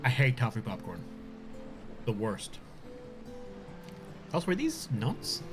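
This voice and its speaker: A man's voice: mid-range voice, wildly swooping pitch, slow, music in the background. A man chatting casually on a live stream, talking with his mouth full and laughing often.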